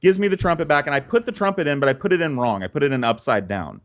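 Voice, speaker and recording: A man's voice: on the high side, animated, very fast. A man telling a childhood story in a casual, conversational way, swearing freely and animating the tale.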